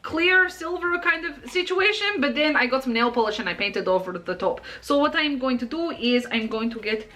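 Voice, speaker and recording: High-pitched, excitable young female makeup vlogger with a bubbly, self-praising delivery. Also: moderate pace, few pauses. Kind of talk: makeup tutorial chat.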